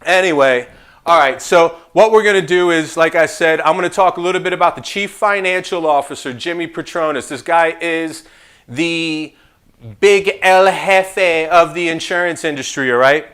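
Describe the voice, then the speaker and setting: A man teaching an insurance licensing class in a casual, joking way, with animated asides and playful trash talk. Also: a little high, moderate pace, smooth.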